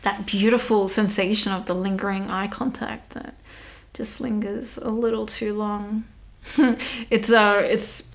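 A woman's voice: mid-range voice, little pitch movement, measured pace, vocal fry. Laughing, sweary Australian woman. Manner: candid and sweary, laughs often. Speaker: podcast host. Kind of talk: casual solo podcast chat.

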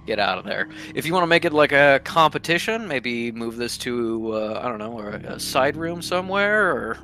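A man voicing a boastful male mirror-image double of a player's character in a tabletop game, talking loud and brash. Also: medium pitch, animated, normal speed, faint music behind. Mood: teasing.

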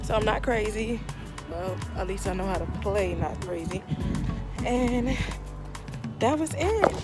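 A woman's voice: medium pitch, a little slow, over loud music. A young woman chatting expressively in a casual video diary while in a car, speaking into a phone camera. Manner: chatty and expressive, swings from quiet to loud and joyful. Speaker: vlogger.

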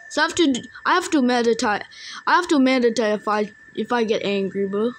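Excitable high-voiced woman gaming. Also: brisk. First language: Indonesian. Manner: excitable, yelling taunts at other players. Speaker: gamer. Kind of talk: casual gameplay commentary.

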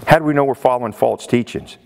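A man's voice: mid-range voice, fast talker, creaky, in a large hall, a little hiss or hum. A male preacher delivering a sermon in an emphatic way, often exclaiming in disbelief. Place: church sanctuary.

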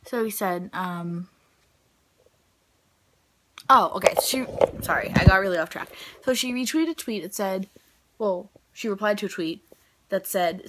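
A woman's voice: mid-range voice, a little slow, long pauses, a bit bright. A young woman vlogging in a chatty, rambling way, full of "like" and "um". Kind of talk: casual vlog chat.

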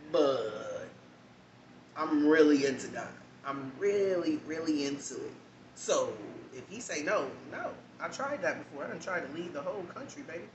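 A man telling a story in a candid, animated way, with casual asides. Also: a little high, normal speed, highs cut off. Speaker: vlogger. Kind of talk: storytime monologue. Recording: echoey room, distant mic, background noise.

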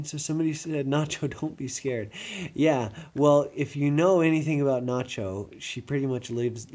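A woman's voice: a bass voice, a little mellow, husky. A woman hosting a casual live stream, chatting to her viewers and talking to her small dog by turns.

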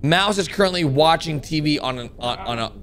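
A young man hosting a reaction video, excitable and loud, often laughing and shouting as he comments. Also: fairly high pitch, fairly quick, crowd noise. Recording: music playing underneath.

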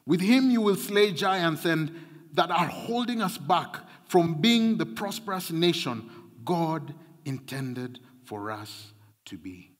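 A man's voice: a little high, big pitch swings, slow. A man preaching a sermon, emphatic and repetitive, his intensity rising and falling. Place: large church hall. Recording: long hall reverb.

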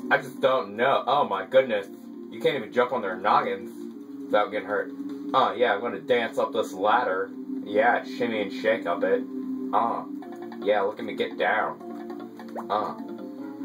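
A man giving casual gameplay commentary as a let's play gamer, excitable and quick to mock his own frustration. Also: fairly low pitch. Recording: distant mic with game music behind.

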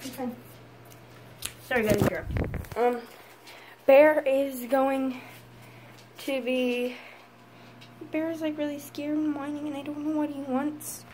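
A tired young woman chatting casually in a home vlog, soft and hesitant with many pauses and ums. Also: high voice, steady tone, noisy background. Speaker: vlogger. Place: home, indoors.

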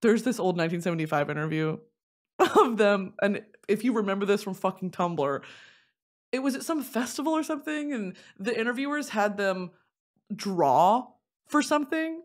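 Animated young woman, lively comic storytelling. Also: normal speed. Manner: animated, swings from low confiding mutters to shrieking laughs and squealed whispers. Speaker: podcast host. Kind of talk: casual comedic storytelling.

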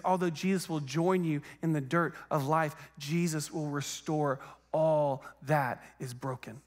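A man's voice: on the high side, normal speed, big-room sound. A young man preaching a sermon in a church, telling the story casually and acting out the quoted voices. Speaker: guest preacher. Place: church sanctuary.

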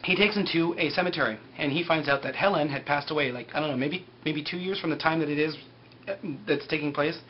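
A man's voice: fairly high pitch, fast, dull audio, a little hiss or hum. A man giving a casual, sarcastic recap of a TV episode, telling it in a loose, offhand way. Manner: flippant, sarcastic, loose "he's like" storytelling. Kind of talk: casual recap with mocking asides.

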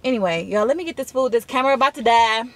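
A woman vlogging casually from her parked car, talking to a camera propped on the dashboard in an animated, anxious way. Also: rapid-fire. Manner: chatty and animated, rising high when annoyed. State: anxious, shaky nerves. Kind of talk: casual vlog chat.

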